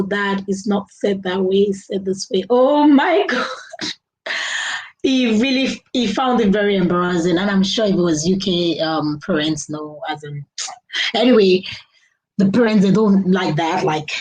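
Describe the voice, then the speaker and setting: A woman's voice: medium pitch, darkish tone, low-quality recording. A middle-aged woman, chatting casually on a live stream, laughing often and talking to viewers. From Nigeria. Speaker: live-stream host reading viewer comments.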